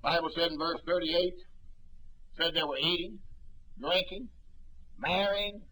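A husky-voiced middle-aged preacher in full sermon mode. He tells stories with fervor, dropping to a hush and then rising to loud cries. His voice sits a touch higher than most men's. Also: a little slow, poor audio. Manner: fervent storytelling preacher, swinging from hushed to shouting. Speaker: pastor.

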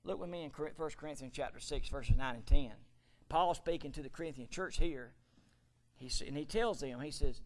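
A middle-aged man preaching a fervent sermon in a church, swinging from quiet storytelling to loud shouting. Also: fairly high pitch, fairly quick. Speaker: pastor. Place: church sanctuary.

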